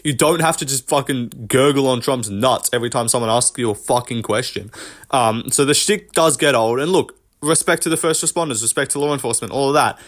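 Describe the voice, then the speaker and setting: A man's voice: mid-range voice, a little fast, fairly bright tone. A man ranting casually about fighters in a vlog, rambling, profane and dismissive. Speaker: MMA commentary vlogger. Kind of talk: casual commentary rant.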